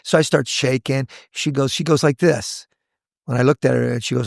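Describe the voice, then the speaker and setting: A man in his sixties, a hair educator, telling stories from his career in a lively podcast chat, acting out the voices of people he quotes. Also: medium pitch, brisk, vocal fry, no echo, clean studio sound. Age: 60s. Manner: animated storyteller, acts out quoted voices. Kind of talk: casual podcast storytelling.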